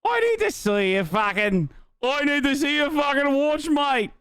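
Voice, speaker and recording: A man doing a put-on impression of a brash, swearing Australian woman who demands things in loud bursts. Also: very high-pitched, steady tone, a little slow, no echo, clean studio sound, pitched above the performer's own voice. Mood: demanding. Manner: demanding, profane, shouted in bursts.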